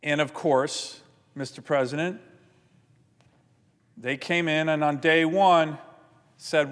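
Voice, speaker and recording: A man giving an indignant, forceful floor speech as a senator, often repeating his points. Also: fairly high pitch, fairly even intonation, slow, pauses often, clean tone, long reverb tail. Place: large legislative chamber.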